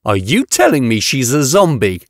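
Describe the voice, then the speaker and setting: A man's voice: mid-range voice, big pitch swings, moderate pace, dry recording, natural voice. A male audiobook narrator voicing a wary, practical man with a dry, understated delivery.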